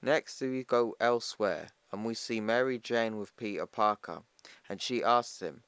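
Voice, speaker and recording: A man's voice: on the low side, a little slow, a bit bright, clean tone, no echo. A man casually retelling a comic book storyline for his viewers and calling them "people", with faint music underneath. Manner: chatty, addresses viewers as "people", retells dialogue plainly. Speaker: comic book explainer channel host. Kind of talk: casual comic recap narration.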